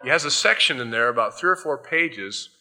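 A man's voice: mid-range voice, lively intonation, brisk, bright, forceful tone. A male pastor giving a sermon in a loose, conversational storytelling way, often adding "you know".

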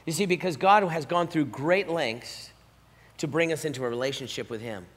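A male pastor preaching an animated sermon, swinging between loud emphasis and hushed asides. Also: fairly high pitch, normal speed, husky. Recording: long reverb of a church hall.

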